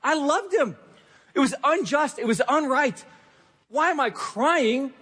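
A man's voice: extremely high pitch, animated, unhurried, a bit bright, long reverb tail, pitched above the performer's own voice, heavily acted. A man voicing a grieving young woman at a tomb, speaking in anguished, pleading bursts.

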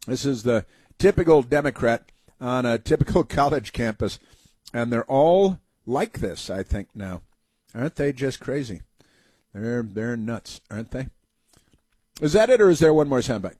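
A man's voice: medium pitch, lively intonation, a little slow, a little mellow, breathy edge, dry recording. A man hosting a talk show, giving sarcastic, rambling commentary with many fillers.

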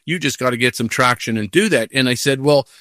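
An older man, a professional golfer as guest, telling a story casually in an animated way, acting out what he said to himself. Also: medium pitch, a little fast, no echo, studio quality. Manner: animated storytelling with acted-out inner voices.

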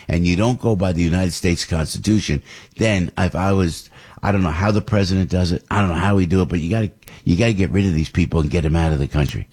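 A man hosting a radio talk show, rambling and animated, often asking rhetorical questions. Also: low voice, breathy edge. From New Jersey. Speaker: radio host.

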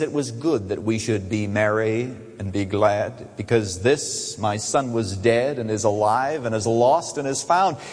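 A man preaching a sermon, rising to emphatic high phrases and then dropping to soft, quiet asides. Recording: long reverb of a large hall.

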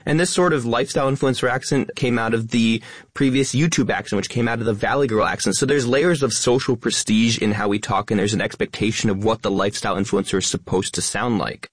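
A man talking quickly as a guest in a radio interview, stressing many of his words to keep listeners engaged. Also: mid-range voice, slightly rough, no room sound, clean studio sound. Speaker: guest, educational influencer.

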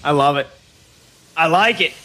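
Male sports radio host, casual joking talk, higher voice, faint music under it. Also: bright, forceful tone. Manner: chatty, joking, quick to do impressions.

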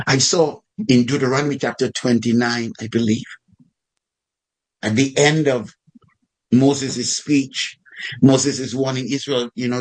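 A man's voice: mid-range voice, steady tone, unhurried, low-quality recording. A man preaching a sermon in a fervent storytelling manner, repeating phrases for emphasis.

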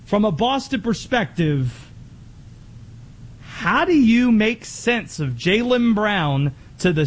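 A man hosting a sports talk radio show, teasing his co-host and setting up questions in a measured way. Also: high-pitched.

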